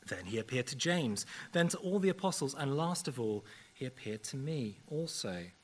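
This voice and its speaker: A man preaching a sermon in a church service, earnest and measured, with occasional fillers. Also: medium pitch, big pitch swings.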